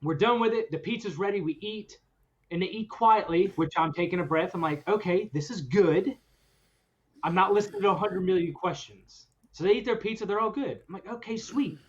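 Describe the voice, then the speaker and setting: A man hosting a podcast, telling a story in a casual chat, animated and often laughing as he goes. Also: high voice, brisk, slight background noise. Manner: animated, laughs through his own story. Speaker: podcast host. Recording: dull lo-fi recording.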